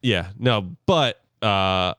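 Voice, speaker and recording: Lively, smooth-voiced male podcast co-host. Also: lowish voice, extremely slow, no echo, clean studio sound. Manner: playful, riffing on jokes. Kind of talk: casual comedy chat.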